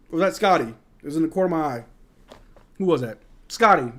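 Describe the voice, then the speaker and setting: A man's voice: fairly high pitch, lively intonation, fast talker, fairly bright tone. A young American man hosting a live game watch-along, reading out chat questions and reacting to plays as a frustrated fan in casual, slangy banter. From United States.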